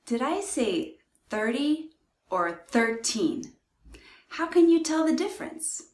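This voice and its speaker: Slow, careful woman teacher, echoey room. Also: sits high, big pitch swings, darkish tone. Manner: deliberate, carefully stressed pronunciation. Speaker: English pronunciation teacher. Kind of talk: slow, clear teaching with repeat-after-me drills.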